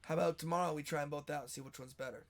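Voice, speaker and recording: A man voicing a boastful male weapons keeper on a ship, talking loud and proud. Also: fairly high pitch, steady tone, racing, natural voice.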